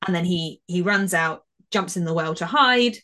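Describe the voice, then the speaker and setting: A woman's voice: on the low side, moderate pace. Chatty woman reviewing a show. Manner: chatty, animated, trails off and restarts, laughs easily. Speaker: podcast co-host. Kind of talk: casual episode review chat.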